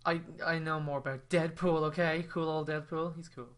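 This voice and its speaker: A man's voice: a little high, steady tone, normal speed. A man co-hosting a casual film review podcast, rambling and joking as he retells scenes. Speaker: podcast co-host.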